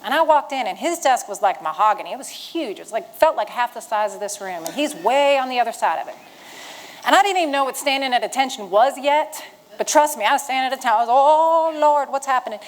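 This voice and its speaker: Animated storytelling woman in her fifties. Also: a little high, quick pace, poor audio. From Virginia, USA. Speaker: retired Marine giving a talk to veterans. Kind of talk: storytelling motivational speech. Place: event room with an audience.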